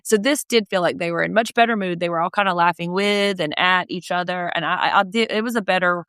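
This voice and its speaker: Chatty woman podcast co-host, smooth low voice. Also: quick pace, fairly bright tone, no echo. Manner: chatty, swears casually, acts out quotes. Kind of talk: casual recap chat.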